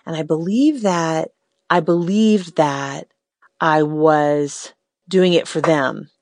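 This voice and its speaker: A woman's voice: deep voice, slow pace, a little mellow, no echo. Woman, middle-aged, talk host, heartfelt, reflective, dry recording. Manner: heartfelt, reflective, a bit emotional. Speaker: radio host. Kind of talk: casual faith-based talk.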